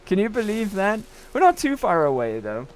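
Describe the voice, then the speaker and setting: A man's voice: high-pitched, huge pitch swings, moderate pace, a little hiss or hum. A young British man streaming a game, chatting in a rambling way and often tagging on "right?". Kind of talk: casual gaming chat.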